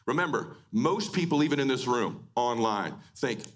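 A middle-aged man giving a live motivational speech to an audience, swinging between emphatic shouting and hushed, emotional delivery. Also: medium pitch, lively intonation, normal speed. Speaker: motivational speaker. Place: event hall before a live audience.

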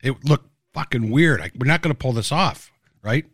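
A man's voice: medium pitch, lively intonation, moderate pace, fairly bright tone, no room sound, studio quality. A man casually recalling how his TV series was made, blunt and swearing freely as he tells the stories. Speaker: TV series creator. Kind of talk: casual reminiscing chat.

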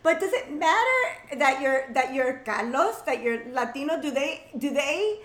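A woman's voice: high-pitched, very animated, unhurried, a bit bright. A woman interviewing a guest in a casual way, chatty and mixing in some Spanish. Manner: chatty, mixes in Spanish, laughs often. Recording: echoey room.

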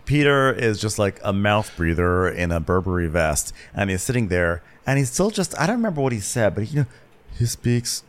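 A man co-hosting a casual show recap, with wry, deadpan commentary. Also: medium pitch, normal speed. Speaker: podcast co-host.

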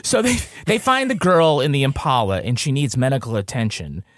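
A man's voice: mid-range voice, huge pitch swings, fairly quick, no echo, clean studio sound. Sarcastic man summarizing the plot. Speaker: podcast co-host. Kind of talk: casual chat recapping a TV episode.

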